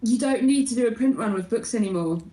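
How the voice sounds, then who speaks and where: A woman's voice: on the high side, quick pace, warm tone. A woman guest on a podcast, chatting casually in a playful, teasing way. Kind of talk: casual chat. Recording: roomy echo.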